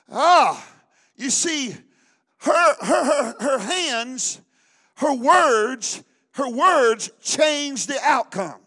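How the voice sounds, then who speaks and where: A male preacher with a very high voice delivers a sermon at a church service. He preaches with fervor and repeatedly calls on the congregation to answer him. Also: a bit bright. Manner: fervent, call-and-response preaching. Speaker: pastor.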